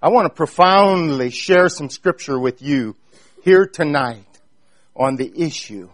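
High-voiced Amish preacher, dry sound. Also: male voice, lively intonation, measured pace, no room sound. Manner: earnest storytelling, addressing the congregation directly. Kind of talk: sermon.

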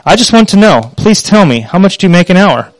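A man's voice: high-pitched, sing-song, fairly quick, dry recording, voice pushed up. A man voicing a five-year-old boy who earnestly pleads with his father while reading a story aloud. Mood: pleading.

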